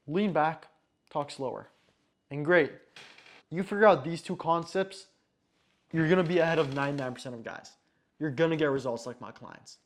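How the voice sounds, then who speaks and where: A man giving dating advice to the camera in short, emphatic commands, sometimes acting out slow, relaxed lines. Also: on the high side. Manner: acts out relaxed date lines slowly. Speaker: dating coach. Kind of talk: direct-to-camera advice talk.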